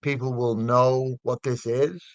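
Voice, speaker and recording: A man's voice: mid-range voice, little pitch movement, unhurried, dry recording. A middle-aged man with a Northern Irish accent, a comedian chatting casually as an interview guest, rambling with many fillers and restarts. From north of Ireland.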